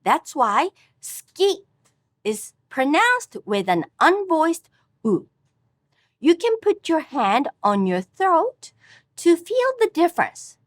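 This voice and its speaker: A woman narrating a scripted language lesson, speaking with careful, clear enunciation and exaggerated pitch on example words. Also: big pitch swings, slow, no room sound, studio quality. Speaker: Japanese language teacher.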